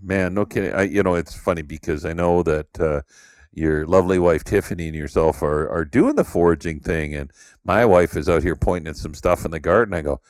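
A man's voice: low voice, a little fast, a little mellow, no echo, studio quality. A middle-aged man from Canada, hosting a podcast and telling stories in a rambling way with lots of fillers. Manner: storytelling, rambling with many "you know" fillers. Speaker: podcast host. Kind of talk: casual conversation.

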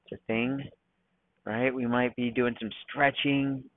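Male podcast host, mid-pitched, rambling and self-mocking, deliberately calm delivery; dry, tinny phone-like recording. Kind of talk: casual solo podcast monologue. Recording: dry, thin phone-like sound.

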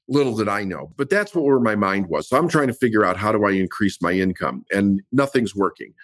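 A man's voice: on the low side, no echo. A middle-aged man telling his own life story in an interview, candid and reflective. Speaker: business coach guest.

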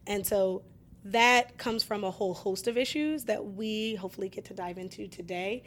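A woman's voice: mid-range voice, steady tone, moderate pace, a little hiss or hum. Upbeat woman explaining her work. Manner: informative, upbeat, explains in long runs. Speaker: guest from independent abortion clinics. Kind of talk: conversational interview.

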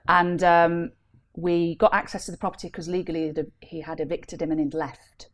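This property deal packager speaks at a moderate pace in a fairly low female voice. Sharing a story during a relaxed panel conversation, she laughs and performs the different people in it with lots of animation.

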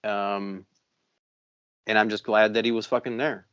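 A man's voice: lowish voice, level tone, unhurried, fairly bright tone, clean tone, dry recording, muffled recording. A man co-hosting a podcast in casual chat, rambling and swearing constantly. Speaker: podcast co-host.

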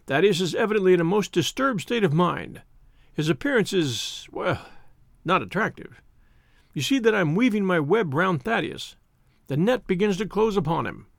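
A husky, wheezing police inspector, stout and full of himself, booms his theories in an audiobook reading, as a man puts him on. His pitch leaps high and swings all over the place, with a gravelly edge. The sound is close and dry. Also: animated, normal speed, no echo. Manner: pompous, loud and boastful. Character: stout blustering middle-aged police inspector. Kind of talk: audiobook character voice.

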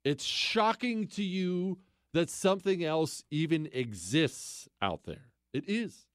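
A man's voice: fairly high pitch, lively intonation, takes it slowly, dry recording, studio quality. A man hosting a talk radio show, delivering a sarcastic political commentary monologue with mocking repetition and incredulous outbursts.

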